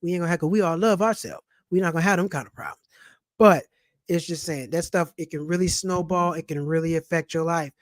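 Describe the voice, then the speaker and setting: A middle-aged man, hosting a casual money vlog in an animated, preachy way full of street slang. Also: fairly high pitch, fast talker, no room sound, clean studio sound. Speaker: channel host and comedian. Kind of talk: casual personal finance vlog.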